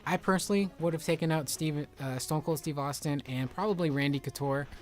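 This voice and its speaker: A man hosting casual game commentary, rambling excitedly with lots of filler words. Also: a little high, a little fast. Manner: rambling, excitable, heavy use of "like". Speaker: video game reviewer.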